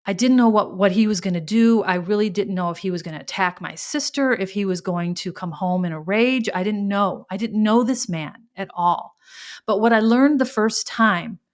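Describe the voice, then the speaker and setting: A woman hosting a podcast, telling a personal story in a reflective, halting way, with sighs and restarts. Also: medium pitch. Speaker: podcast host.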